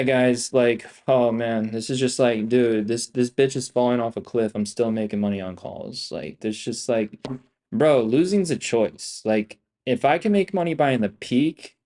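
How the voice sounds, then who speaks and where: A young day trader streams live, his mid-range voice carrying a darkish tone. He's hyped and profane, leaning on slang and repeating himself while calling his viewers "bro" and "guys."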